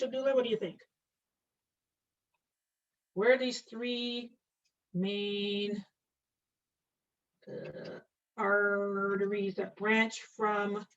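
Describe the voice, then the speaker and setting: A woman's voice: medium pitch, a bit bright. A woman teaching an online nursing class, quizzing students by name and joking about her own drawing. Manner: playful, self-mocking, quizzes students by name. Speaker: nursing instructor. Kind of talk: online lecture while drawing. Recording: distant, dull lo-fi audio.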